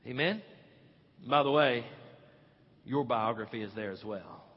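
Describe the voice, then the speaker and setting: A man preaching a sermon as pastor, swinging from quiet to loud and stretching key words. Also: medium pitch, a little slow, husky. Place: church sanctuary. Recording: dull lo-fi audio with long hall reverb.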